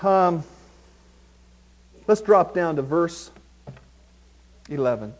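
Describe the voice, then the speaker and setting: A male pastor preaching a sermon, reading scripture slowly and with emphasis, then talking plainly to his congregation. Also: high voice, a little mellow.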